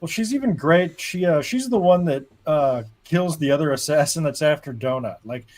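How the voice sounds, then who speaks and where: A man in casual chat about a book, animated, swearing casually and laughing mid-sentence. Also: fairly high pitch, normal speed. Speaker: book discussion guest.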